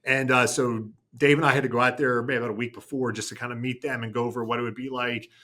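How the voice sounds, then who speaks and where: A man's voice: medium pitch, level tone, quick pace, pushed and bright. A man co-hosting a casual station chat show, telling a long story with many restarts and fillers. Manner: rambling, self-correcting storytelling. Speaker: TV news anchor.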